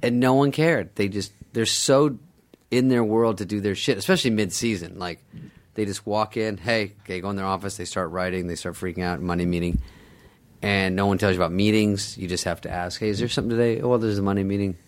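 Wry, low-voiced man telling stories. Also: fairly even intonation. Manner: wry, sarcastic, acts out others in quick voices. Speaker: podcast guest, comedian. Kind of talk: casual storytelling chat.

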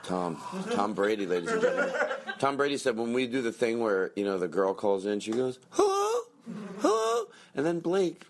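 Man hosting a comedy podcast, pitch all over the place, whiny rants. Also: animated, a little fast, hardly any pauses, a crowd in the background. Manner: self-pitying, swings into shouted rants. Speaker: podcast host. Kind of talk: rambling comedic monologue.

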